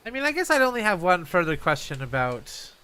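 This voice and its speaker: A man with a high, sharp and bright voice improvises in a live comedy sketch. He asks dry, pointed questions with wry timing and laughs quickly. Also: very animated, clean tone.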